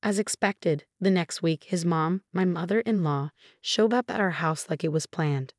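Narrator: young woman, low voice, dry close sound, steady scripted story reading. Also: normal speed, no room sound. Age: 20s.

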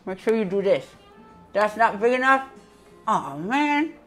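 A woman's voice: mid-range voice, sing-song, a little slow, over music. A woman hosting a casual live cooking show, chatty and giggly, talking to her viewers with a piece of bread in her mouth.

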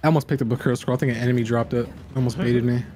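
Brief: male gamer friend, mid pitch, rapid joking callouts over faint music. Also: fairly even intonation, warm tone. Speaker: co-op gaming partner. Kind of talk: casual gameplay chat.

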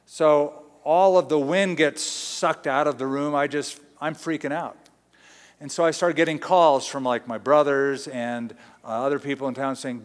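A middle-aged pastor from Southern California preaching a sermon in a conversational, storytelling way, acting out quotes. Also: male voice, on the high side, fairly even intonation, unhurried, in a large hall.

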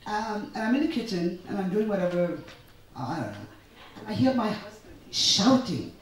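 A middle-aged woman from India, an author and translator, telling lively anecdotes at a literary festival. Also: medium pitch, moderate pace. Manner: animated, anecdotal, with acted-out quotes. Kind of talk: storytelling talk at a literary festival. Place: festival hall. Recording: echoey hall, distant mic.

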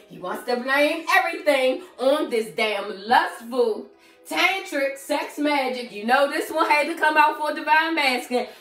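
A woman's voice: sits high, fairly bright tone, roomy sound, distant mic. A woman giving a casual tarot reading in a sassy, slangy way, talking straight to the viewer as "girl". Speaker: tarot reader.

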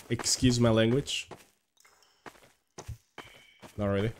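A man's voice: medium pitch, slight background noise. A man streaming a game live, chatting casually, swearing freely and laughing at his own play. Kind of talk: casual live gameplay commentary. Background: game music and gunfire.

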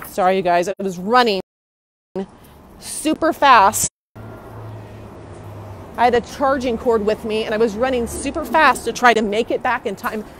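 A fairly high-voiced young woman talks into a handheld phone outdoors, indignant and agitated. She walks as she talks, with faint traffic noise behind her. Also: normal speed, pauses often, fairly bright tone, poor audio. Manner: indignant, agitated, repeating herself. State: hurried, walking outdoors. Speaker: citizen livestreamer. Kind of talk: live phone stream. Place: outdoors near a courthouse. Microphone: phone held in hand.

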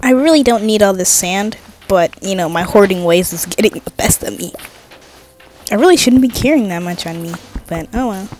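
A woman's voice: medium pitch, lively intonation, moderate pace, a little mellow, a little hiss or hum. A woman giving casual, jokey commentary while playing a game, chatting to herself and swearing now and then. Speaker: gaming vlogger.

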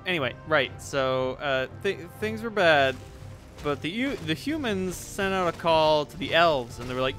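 A man giving casual commentary on a game he is playing. He rambles and jokes, swears freely, and speaks in a fairly high voice. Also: sing-song, moderate pace, a bit bright, faint music behind. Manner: rambling, profane, jokey. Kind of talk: casual let's-play commentary.

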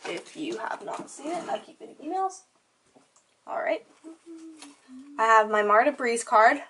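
Speaking unhurriedly in a fairly high, fairly bright voice with big swings in pitch, this teenage vlogger rambles chattily through a show-and-tell of her belongings. She leans heavily on "like," while children cry behind her.

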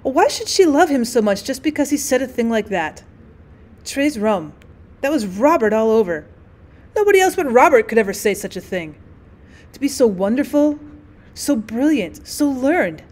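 Woman teacher, audiobook reader of a classic story; slightly high voice, expressive dialogue, an occasional restart. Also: moderate pace, long pauses. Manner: expressive, voices the dialogue with small pitch shifts. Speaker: teacher reading aloud.

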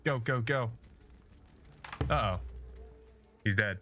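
A man's voice: medium pitch, takes it slowly, bright, forceful tone, soft background music. A man giving casual, jokey, self-deprecating commentary while playing a video game. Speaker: gameplay streamer. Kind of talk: casual let's-play commentary.

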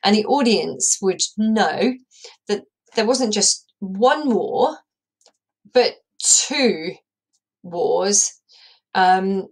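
A woman's voice: medium pitch, expressive, drawn-out words, pauses often, low-quality recording. A woman English teacher giving a recorded lesson, explaining a play and thinking aloud as she goes.

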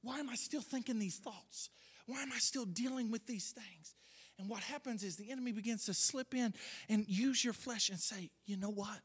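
Impassioned preacher man, husky and high. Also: moderate pace. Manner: impassioned, shifts between hushed and loud delivery. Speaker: pastor. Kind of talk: sermon.

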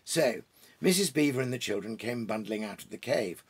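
Man, storyteller, reading aloud, gentle, musing, gravelly, husky. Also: medium pitch, animated. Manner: gentle, musing, with pauses and restarts. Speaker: reader and storyteller. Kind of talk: reading a children's book aloud.

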